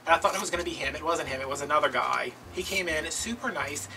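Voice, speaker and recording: A man telling a long casual story while he crafts at home, chatty and animated. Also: a little high, fast, creaky, few pauses, noisy background. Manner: animated, chatty, slips into quoted voices. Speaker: craft video host. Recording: distant mic with background music.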